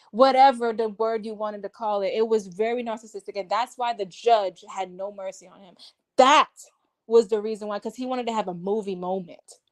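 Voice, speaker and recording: A woman hosting a live-stream chat, talking in animated, indignant bursts. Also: fairly high pitch. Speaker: host.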